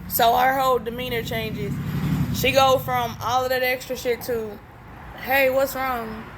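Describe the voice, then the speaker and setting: Against a noisy background, a young woman with a somewhat high voice vlogs a storytime at normal speed. She's blunt and swears freely, voicing each line of dialogue as she retells it with animation.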